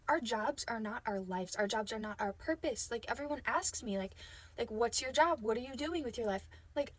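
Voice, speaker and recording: A woman's voice: on the high side, fairly bright tone. Fed-up woman ranting to camera. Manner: emphatic, rhetorical, fed-up. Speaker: vlogger. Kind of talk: exasperated rant to camera.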